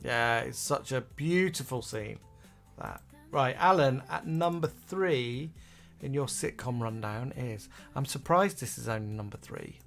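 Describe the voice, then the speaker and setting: A man's voice: medium pitch, lively intonation, a little slow, gravelly, fairly bright tone, faint music behind. A man co-hosting a casual online chat show, talking through old sitcoms and reading viewers' comments aloud with lots of fillers. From England. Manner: chatty, reads comments aloud with frequent fillers. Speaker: co-host.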